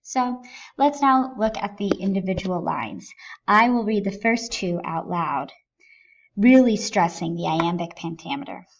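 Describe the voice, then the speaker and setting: A woman's voice: mid-range voice, animated. A woman teacher giving a recorded lesson, explaining a poem line by line and stressing key words. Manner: deliberate, stresses key words with rising emphasis. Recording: dull lo-fi recording.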